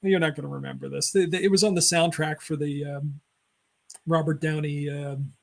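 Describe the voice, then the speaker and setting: A man talks casually on a film chat show, wandering through trivia. He fills pauses with ums and uhs and corrects himself often. His voice sits somewhat high for a man. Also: steady tone, gravelly. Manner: rambling, many fillers and self-corrections. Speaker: podcast co-host.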